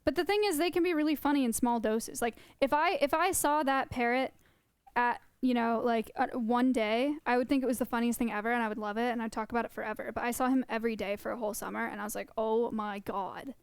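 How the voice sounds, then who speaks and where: Chatty young woman with a smooth voice. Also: on the high side, fairly even intonation, fast, no room sound. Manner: chatty, rambling, laughs often. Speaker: streamer. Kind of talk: casual live-stream chat. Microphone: close desk mic.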